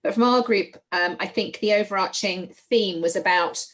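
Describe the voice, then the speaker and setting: A woman's voice: mid-range voice, normal speed, a bit bright. A woman co-hosting an online session, reporting back from the chat and her group in a thoughtful, hesitant way. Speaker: co-host minding the chat.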